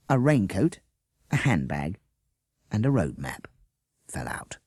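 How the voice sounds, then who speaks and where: A man reading a children's storybook aloud with a lively, expressive delivery. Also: sits low, slow pace, creaky, pauses often, husky. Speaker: audiobook reader. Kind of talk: storybook narration.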